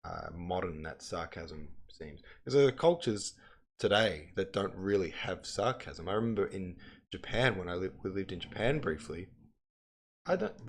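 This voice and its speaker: Low-voiced man chatting on a livestream. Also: breathy edge. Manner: rambling, chatty, self-interrupting. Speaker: livestream host. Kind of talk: casual livestream chat and reading aloud.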